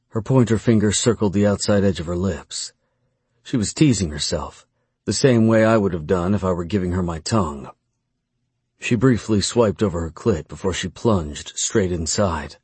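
A man narrating an erotic audiobook in the first person, with a slow, measured, commanding delivery. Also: low voice, a little mellow, breathy edge, no room sound.

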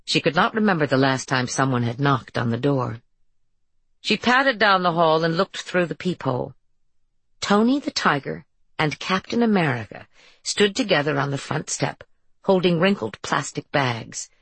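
A woman reads an audiobook in a low, husky voice with a creaky fry at the bottom. The recording is dry and close, with no room sound. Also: expressive, normal speed, a bit bright, dry recording. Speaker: audiobook narrator. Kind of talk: scripted narration.

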